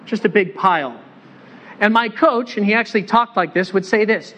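A man's voice: high voice, normal speed, bright, forceful tone, a little hiss or hum. A pastor preaching a sermon in a church, conversational and joking as he puts questions to the congregation.

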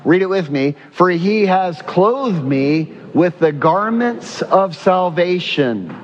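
A man's voice: sits high, lively intonation, slow pace. A male pastor preaching a sermon with emphatic repetition and rhetorical questions, recorded in a church. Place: church sanctuary. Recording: muffled sound with long hall reverb.

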